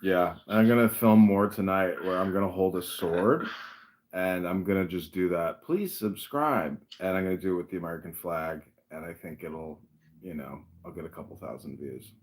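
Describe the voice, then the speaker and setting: Low-voiced man hosting a livestream. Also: level tone, fairly quick, darkish tone. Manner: dry, mocking, rambling, frequent throat clearing. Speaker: podcast host. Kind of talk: casual livestream chat.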